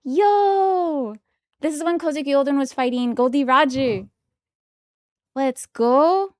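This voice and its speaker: A young woman streaming from home, chatting casually and giggling excitedly as she opens trading cards. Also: high voice, moderate pace, no echo, studio quality. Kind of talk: casual live-stream chat while opening trading cards.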